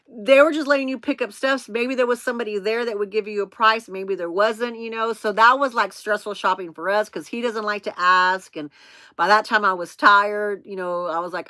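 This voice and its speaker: A woman's voice: medium pitch, bright, forceful tone, no room sound. A woman in her fifties hosting a vlog, telling a rambling story to her viewers in a chatty way, laughing often and calling them "y'all". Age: 50s. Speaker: vlog host.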